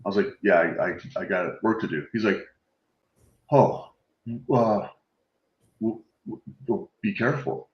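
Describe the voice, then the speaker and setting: A man on a video call telling animated, swear-laced anecdotes in a casual chat, acting out the voices of the people in his stories. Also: lowish voice, unhurried, long pauses, roomy sound, highs cut off. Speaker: guest telling war stories.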